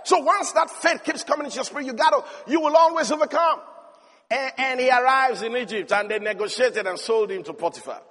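A man preaching a sermon emphatically, rising to shouts and calling out hallelujah. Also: extremely high pitch, brisk, long reverb tail.

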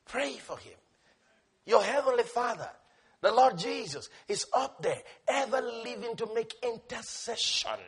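A man preaching a sermon with passion, swinging between loud shouted refrains and soft low asides, laughing and repeating key words. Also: lively intonation, unhurried, husky.

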